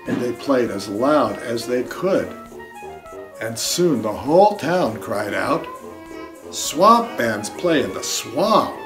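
A man reading aloud his own children's picture book, slowly and expressively, slipping into the characters' lines. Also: mid-range voice. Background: saxophone music.

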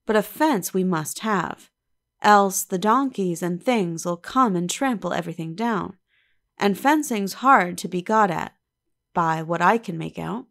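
A tender old village weaver who speaks slowly and softly in plain country words, as a woman narrator voices him. His lines come unhurried and low-key, full of quiet fondness. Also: vocal fry. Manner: slow, soft and rustic.

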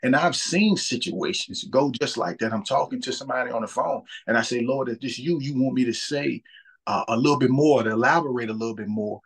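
Earnest husky man in his thirties. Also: medium pitch, a little fast. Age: 30s. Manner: earnest, repeats words while thinking. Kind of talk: casual faith talk.

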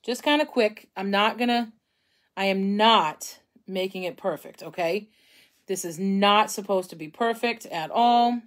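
A woman's voice: mid-range voice, unhurried. Young woman chatting thru a painting tutorial, laughs at her own mistakes, talks to herself as she goes. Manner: chatty and self-deprecating, thinks aloud while painting. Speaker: craft instructor.

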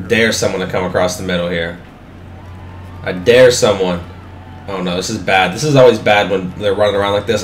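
A young man giving live, excitable commentary on his own football video game, swearing freely and talking at the screen. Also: lowish voice, reverberant. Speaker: gaming commentator.

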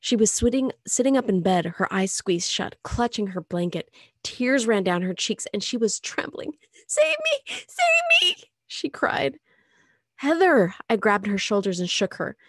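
A woman narrates a novel aloud chapter by chapter as an audiobook reader, telling it expressively. Her voice is mid-range at a normal speed, in a dry, clean studio recording.

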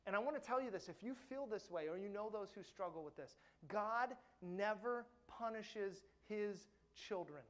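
A middle-aged man preaching a sermon as pastor, earnest and emphatic, dropping soft and slow on his key points. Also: high voice.

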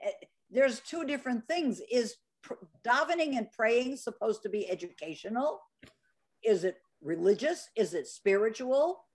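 A woman's voice: fairly high pitch, expressive, moderate pace. A woman taking part in a class, asking earnest questions in conversation. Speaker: class participant. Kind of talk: classroom discussion.

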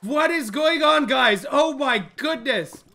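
A young man streaming a game live, jumpy and excitable, talking straight to his chat. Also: very high-pitched, takes it slowly, vocal fry. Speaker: gaming livestreamer. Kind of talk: live let's-play commentary.

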